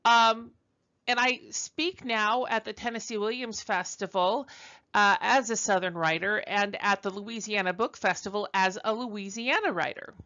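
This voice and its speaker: A woman's voice: medium pitch, normal speed, pushed and bright, highs cut off. A woman from Brooklyn giving a conversational recorded university lecture, chatty and self-deprecating, with frequent ums and uhs. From Brooklyn, New York.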